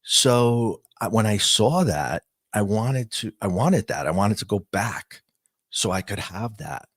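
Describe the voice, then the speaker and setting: A man telling an interviewer the story of his own near-death experience in earnest, halting speech with many fillers and restarts. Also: fairly low pitch, expressive, no room sound.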